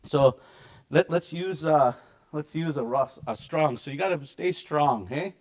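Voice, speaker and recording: A middle-aged man teaching a language class in a relaxed, chatty way. He slowly repeats words for the learners to practice. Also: on the high side. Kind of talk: casual language lesson.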